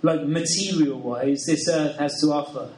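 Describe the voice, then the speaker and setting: Smug rich man, voiced by a British male preacher, a bit lower, in a roomy hall. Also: moderate pace, a little mellow, slight background noise, natural voice. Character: rich man, proud and pleased with himself. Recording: roomy sound from a distant mic.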